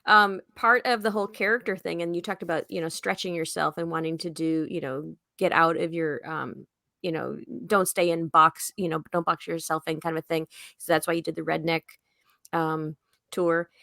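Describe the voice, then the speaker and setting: A woman co-hosting a podcast, chatting quickly and laughing easily. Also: deep voice, steady tone, vocal fry, pushed and bright, no room sound, clean studio sound. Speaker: podcast co-host. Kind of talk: casual chat.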